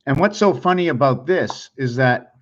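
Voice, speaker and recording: A man's voice: medium pitch, expressive, moderate pace, lo-fi sound. A man thinking aloud as he draws and explains, rambling and musing, often unsure of himself. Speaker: video creator.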